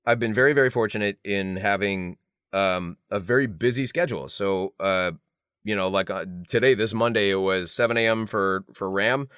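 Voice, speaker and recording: A man's voice: fairly low pitch, moderate pace, smooth, no echo, clean studio sound. Chatty man telling showbiz stories. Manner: animated storyteller, lots of likes and self-mocking laughs. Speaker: voice actor guest. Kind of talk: casual podcast interview.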